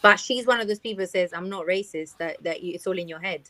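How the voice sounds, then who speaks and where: A woman's voice: fairly low pitch, quick pace, no room sound. A young woman from Italy, a guest singer, telling stories in a casual podcast chat and acting out what people said. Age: young adult. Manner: animated storytelling, acting out quoted people.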